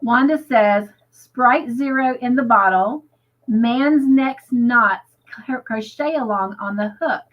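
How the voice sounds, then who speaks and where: A woman's voice: on the high side, takes it slowly, dull audio. Chatty American woman hosting a livestream. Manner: reads viewer comments aloud, chatty and upbeat. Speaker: livestream host. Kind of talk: casual livestream chat.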